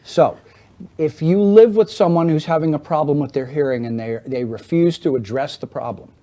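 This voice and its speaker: A man's voice: a little high, brisk, mellow. A middle-aged man who is a guest on an interview show, explaining at length in an earnest, persuasive way. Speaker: hearing aid business guest.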